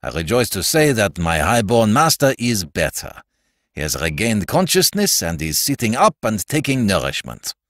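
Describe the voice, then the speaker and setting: A man's voice: on the low side, sing-song, moderate pace, a bit bright, dry recording. A stiff, ceremonious count with a German accent, clipped and formal, bowing over every word, as a male narrator puts him on. The delivery is dry and close to the mic.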